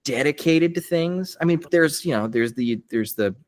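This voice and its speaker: This young man's voice sits a little high and moves at a normal pace. A voice actor guesting on a relaxed podcast interview, he keeps things upbeat, laughs frequently, and grows animated as he recounts events.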